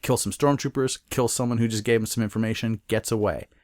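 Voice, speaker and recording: A man's voice: lowish voice, fairly even intonation, fast, no echo, clean studio sound. A man co-hosting a podcast, rambling through a casual film review chat with many restarts. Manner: rambling, restarts and retells plot. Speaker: podcast co-host.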